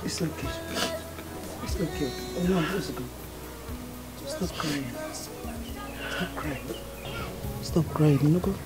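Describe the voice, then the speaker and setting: A motherly Nigerian woman who soothes a crying girl, speaking low and unhurried. Soft film music plays behind. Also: lively intonation. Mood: soothing. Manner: soothing, slow, warm-hearted. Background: film score music.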